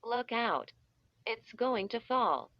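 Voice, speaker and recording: A woman gives voice to a flustered kid who stammers through scary moments in a storybook reading. The lines come slowly, and the recording sounds dry and a little muffled. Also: fairly high pitch, animated, dry recording. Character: flustered young kid, the story's first-person teller. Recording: dull, slightly muffled audio.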